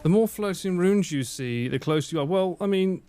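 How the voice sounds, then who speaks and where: A man's voice: sits high, lively intonation, normal speed, heavy background noise. A man from the UK, chatting casually on a gaming livestream, joking, swearing freely and laughing a lot. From United Kingdom.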